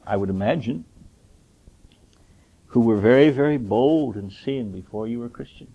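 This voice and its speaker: A man preaching a sermon with fervent rhetorical questions, his voice climbing to high emphatic peaks. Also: creaky, slightly rough. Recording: dull lo-fi sermon recording.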